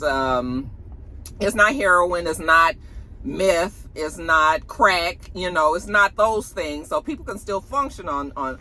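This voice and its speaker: A woman's voice: on the low side, bright, forceful tone, slight background noise. A woman, chatting casually about celebrity gossip to her viewers in a sassy, slangy way.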